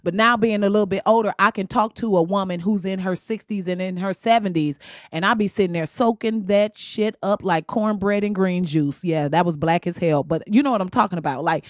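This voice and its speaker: A woman's voice: medium pitch, brisk, no echo, clean studio sound. A young adult woman talking bluntly and candidly in a casual vlog, profane and laughing often. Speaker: vlogger.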